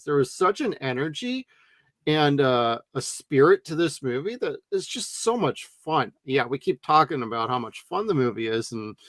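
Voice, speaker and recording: A man in his forties co-hosting a casual movie review podcast, relaxed and chatty, often agreeing with his co-host. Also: on the high side, dry recording, clean studio sound.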